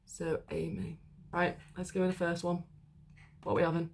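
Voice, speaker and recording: A woman's voice: on the low side, little pitch movement, moderate pace, gravelly, a little hiss or hum. A young woman chatting casually to camera in a vlog, rambling with lots of fillers. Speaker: vlogger. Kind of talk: casual chat.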